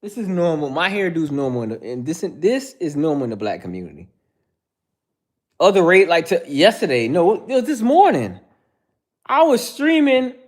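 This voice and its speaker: Very animated and fairly high-pitched, the livestream host moves at a normal speed as he answers viewers by name. His talk is casual but heated and preachy, and he calls everyone "bro" constantly.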